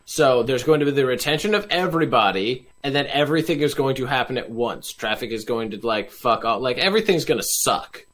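A man's voice: mid-range voice, expressive, a little fast, few pauses, a bit bright. A tired young man co-hosting a casual chat, weary and glum, swearing often. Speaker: podcast co-host.

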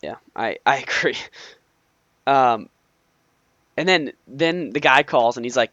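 A man co-hosting a relaxed movie chat, retelling scenes and laughing often as he talks. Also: mid-range voice, takes it slowly, long pauses, no echo, highs cut off. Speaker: podcast co-host.

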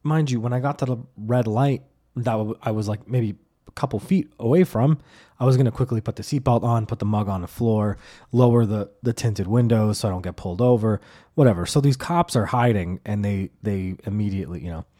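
A man hosts his own comedy podcast and tells a story at length, with a mellow, warm tone. He rambles, swears freely and stumbles through fillers and restarts. When he acts out his own lines, he turns deadpan and overly formal. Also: fairly low pitch, fairly quick. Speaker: podcast host.

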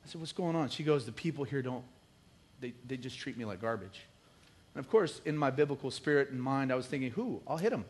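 A middle-aged man preaching a sermon, animated and joking, with rising emphatic bursts. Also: medium pitch, brisk, a little hiss or hum. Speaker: pastor.

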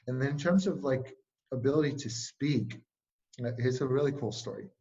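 A man's voice: medium pitch, moderate pace, lo-fi sound. A man talking casually as an interview guest and speaking coach, telling stories with lots of filler words. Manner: energetic storytelling, frequent "like" fillers.

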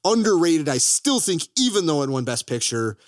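A man's voice: fairly high pitch, sing-song, normal speed, no room sound, clean studio sound. A man co-hosting a podcast, chatting enthusiastically about films, joking and swearing. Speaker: podcast co-host. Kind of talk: casual film chat.

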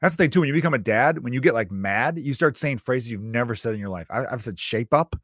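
Animated, swearing dad telling stories. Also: male voice, mid-range voice, fast talker, dry recording, clean studio sound. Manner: animated storyteller, swears freely, acts out his kids. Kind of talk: casual comedic monologue.

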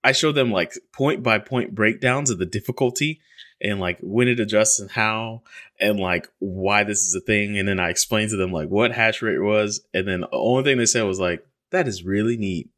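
A man hosting a podcast, telling a story in animated casual chat and laughing often. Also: fairly low pitch, normal speed. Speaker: podcast host.

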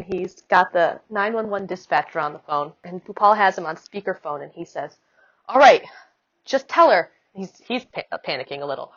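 A woman in her thirties casually recounting giving birth, chatty and quick, full of "like" asides. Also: lowish voice, dry recording, lo-fi sound. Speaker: mother telling her birth story. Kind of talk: casual storytelling.

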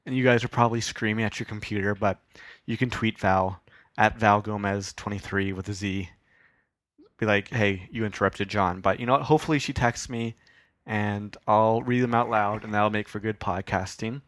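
A young man talks through a solo podcast in a loose, rambling way, often poking fun at himself and swearing casually. His voice sits a little low, and the recording is dry and close. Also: fairly even intonation, moderate pace, a bit bright, dry recording. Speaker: podcast host.

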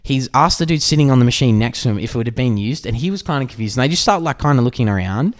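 Speaking very fast at medium pitch, this Australian podcast co-host spins animated stories packed with swearing. The talk is casual podcast chat.

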